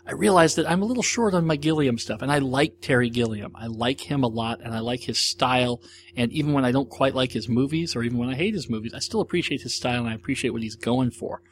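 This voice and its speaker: A man's voice: mid-range voice, fast talker, a little hiss or hum. An American man hosting a podcast, talking through movie reviews in a rambling, enthusiastic, casual solo monologue. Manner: rambling, enthusiastic, chatty with many restarts. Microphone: audio-only recording, no video.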